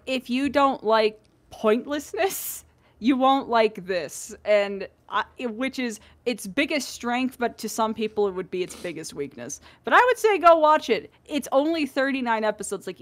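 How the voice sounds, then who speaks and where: A woman co-hosting a podcast in casual chat, talkative and quick to jump in and tease. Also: fairly high pitch, big pitch swings. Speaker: podcast co-host.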